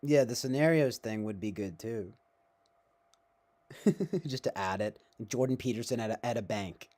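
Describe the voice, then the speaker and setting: A man's voice: mid-range voice, unhurried, darkish tone. A man hosting a casual streamed chat, rambling along and often breaking into laughter and swearing. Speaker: host.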